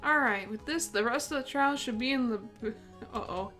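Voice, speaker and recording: A woman's voice: fairly high pitch, moderate pace, bright, forceful tone, soft background music. A young woman hosting a let's play, giving casual, giggly commentary while voicing the game. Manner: giggly, playful.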